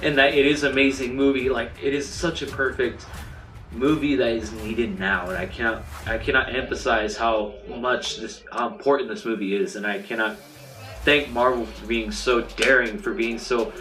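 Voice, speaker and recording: Young male reviewer, gushing and rambling, mid-pitched voice, set back from the mic in an echoey room. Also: steady tone, moderate pace, pushed and bright, recorded from a distance. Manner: enthusiastic, rambling with many fillers and restarts. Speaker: movie reviewer. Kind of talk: casual spoken film review. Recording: roomy, off-mic sound with faint music.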